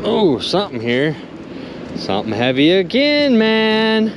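Animated man magnet fishing from a boat. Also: high voice, a little slow, background noise. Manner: animated, exclaims often, keeps addressing viewers as "you guys". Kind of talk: excited outdoor vlog narration. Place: outdoors on the water, in a boat.

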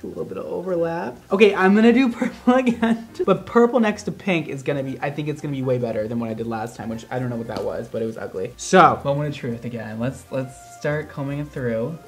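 A man's voice: medium pitch, fast talker, hardly any pauses, soft background music. A man hairstylist vlogging casually as he colors hair, with dramatic, exaggerated, self-mocking reactions.

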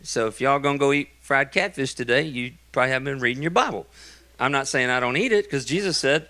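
A man's voice: mid-range voice, fast talker, bright, forceful tone. A middle-aged man, a pastor preaching a sermon in a church in a folksy manner, with joking asides between emphatic points. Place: church sanctuary.

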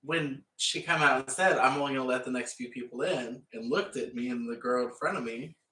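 A painting vlogger chats casually and rambles while he paints, laughing often. His medium-pitched voice is brisk, bright and forceful, recorded in an echoey room with the mic far away.

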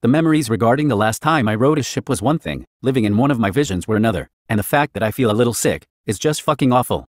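A man's voice: mid-range voice, lively intonation, fast talker, few pauses, no room sound, studio quality. A man reading fan fiction aloud, narrating in the first person as a teenage girl.

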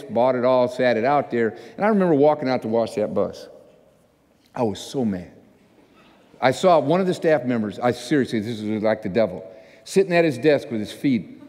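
Animated man preaching in a reverberant church. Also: medium pitch. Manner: animated, self-mocking, acts out the voices in his story. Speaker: pastor. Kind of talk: storytelling sermon. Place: church sanctuary. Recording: long church hall reverb.

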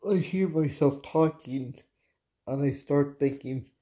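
A frustrated, irritated vlogger unloads to viewers in a slow, unhurried drawl. The voice is mellow and warm in tone. The delivery is halting, with false starts and muttered swearing. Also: medium pitch. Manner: halting, restarts sentences, swears under breath. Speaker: cannabis vlogger, host of own channel. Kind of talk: casual late-night venting to viewers.

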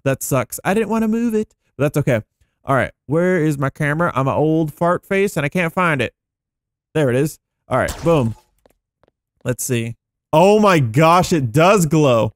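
A man giving excitable, chatty gameplay commentary as a gaming YouTuber, thinking aloud as he goes. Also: on the high side, no room sound, clean studio sound.

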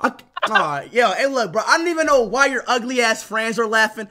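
A man streaming live on a random video chat, yelling and swearing, then dropping to a low flirty mumble. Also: animated, brisk, slight background noise. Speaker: livestream host. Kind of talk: loud profane video-chat banter.

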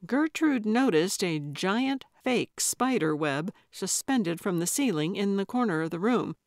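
A woman narrating a cozy mystery audiobook in measured, even storytelling on a close studio mic. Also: medium pitch, dry recording. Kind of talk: scripted narration.

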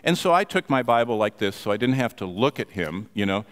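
A man preaching a sermon, telling a story with animated emphasis. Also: lowish voice, a little fast, smooth, big-room sound. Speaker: pastor.

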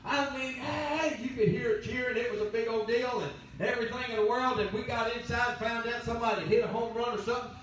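A man's voice: extremely high pitch, fairly even intonation, fairly quick, few pauses, a bit bright, slight background noise. A man preaching a sermon as pastor, telling folksy stories. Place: church sanctuary. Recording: very echoey church from a distance.

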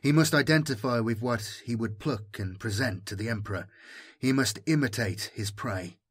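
Husky male audiobook narrator. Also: mid-range voice, fairly bright tone.

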